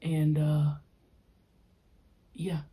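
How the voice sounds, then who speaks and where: A young woman hosting a podcast, telling a personal story in an animated, slangy, frank way. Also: low voice, very slow. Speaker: podcast host. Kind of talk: casual storytelling.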